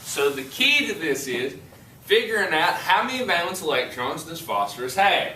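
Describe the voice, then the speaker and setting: Animated high school chemistry teacher. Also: male voice, normal speed, slight background noise. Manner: lively, joking and teasing with students. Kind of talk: classroom lecture. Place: classroom. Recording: echoey classroom from a distance.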